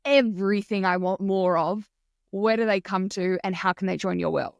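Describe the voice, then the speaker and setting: Gushing, smooth-voiced woman podcast host. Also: mid-range voice, normal speed, dry recording, clean studio sound. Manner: gushing, enthusiastic. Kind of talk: casual interview talk.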